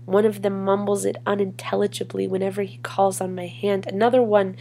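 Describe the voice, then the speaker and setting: A woman performing a spoken word poem in a measured, deliberate way with long pauses. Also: medium pitch, flat delivery, creaky, warm tone, slight background noise. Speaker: poetry reader. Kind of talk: spoken word poetry reading.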